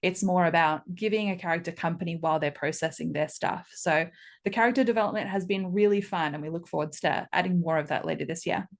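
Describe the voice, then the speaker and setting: A woman, a game studio co-founder, chatting in an interview and telling stories with lively acted-out quotes. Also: on the low side, fast talker. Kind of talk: casual interview chat.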